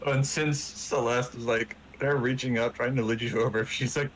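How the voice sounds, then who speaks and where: A man's voice: medium pitch, steady tone, normal speed, a little hiss or hum, low-quality recording. Chatty, giggly man at the game table. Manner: chatty, giggly, stammering asides. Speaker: player. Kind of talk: tabletop role-play chat.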